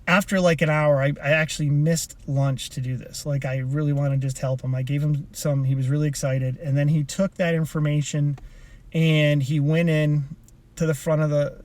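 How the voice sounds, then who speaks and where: Male personal development coach, casual motivational storyteller, rambling with restarts, slightly high and warm-toned. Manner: rambling, with frequent restarts and asides. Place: inside a car.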